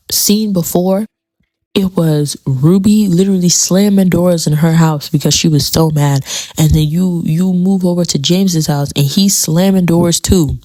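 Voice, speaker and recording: A woman's voice: sits low, dark tone, no echo. A woman giving a casual commentary on a TV episode, chatty and dramatic, repeating phrases for emphasis. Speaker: TV show commentator.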